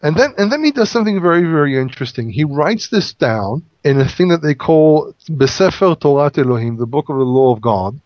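Male Bible teacher, slightly high voice, casual explanatory study chat, dry close lo-fi sound. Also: big pitch swings, brisk, hardly any pauses, dry recording. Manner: explanatory, with frequent restarts and fillers. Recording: dull lo-fi audio.

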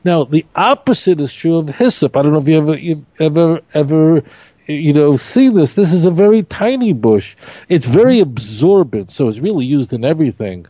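The man's voice is on the high side and moves at a moderate pace as he teaches Torah study. He is emphatic and lively, restating key points and throwing out rhetorical questions. The recording has no room sound.

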